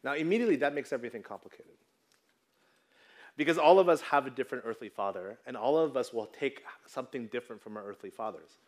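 A man's voice: mid-range voice, fast talker. A man in his thirties preaching a sermon in a conversational way, often checking in with the congregation. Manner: conversational, tags lines with "right?". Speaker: pastor.

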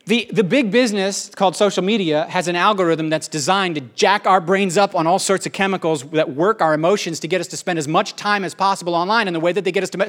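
A middle-aged man delivers a sermon in a quick, animated way. His voice sits fairly high for a man, and he often breaks into playful asides. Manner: animated, fast-talking, jokey asides. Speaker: pastor.

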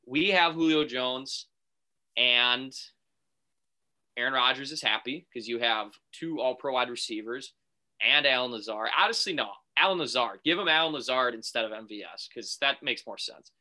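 A man co-hosting a casual sports talk show, telling a made-up phone call with animated put-on voices. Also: mid-range voice, normal speed. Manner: animated storyteller, acts out phone calls. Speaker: podcast co-host.

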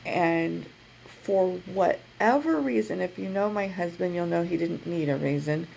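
Brief woman co-host, low and heavily gravelly voice, animated storyteller in relaxed chat. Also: measured pace, slight background noise, poor audio. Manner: animated, laughs mid-story, acts out quotes. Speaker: podcast co-host. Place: her office.

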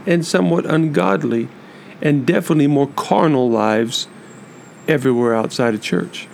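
Gravelly earnest male podcast host. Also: fairly high pitch, slight background noise. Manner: measured and emphatic, with repetitive lists. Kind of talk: earnest monologue addressed to church leaders.

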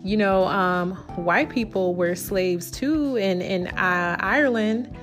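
A woman vlogging from home, telling a personal story in an animated, indignant way. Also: medium pitch, slow pace, over music.

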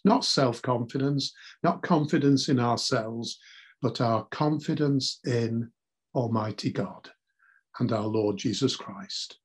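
A man preaching a sermon in a measured, earnest way, reading scripture aloud. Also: mid-range voice, husky.

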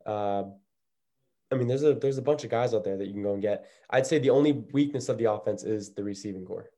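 A man's voice: lowish voice, fast, dark tone. A man co-hosting a casual sports podcast, talking in a loose, rambling way. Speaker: podcast co-host.

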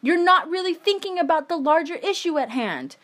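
A woman's voice: very high-pitched, animated, fairly quick, fairly bright tone. A young woman in a heated, emphatic monologue, swearing often as she rants. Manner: angry, swearing, emphatic ranting.

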